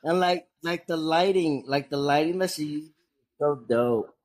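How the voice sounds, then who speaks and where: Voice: medium pitch, normal speed, darkish tone. A podcast host in casual chat with friends, using lots of "dude" and "like". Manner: drawn out, says "dude" and "like" a lot.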